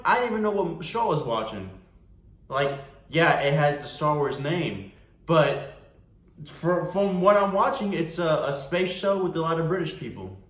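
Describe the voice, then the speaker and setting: A man's voice: mid-range voice, a bit bright. A man in an echoey room at home gives a loose, off-the-cuff rant. His voice sits in an ordinary middle register, and he trails off, restarts and grumbles as he goes. It sounds casual and unscripted, with the room's reflections around him. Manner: exasperated, rambling, with restarts and "man" tags. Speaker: vlogger reviewing a TV show. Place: room at home with a cat nearby.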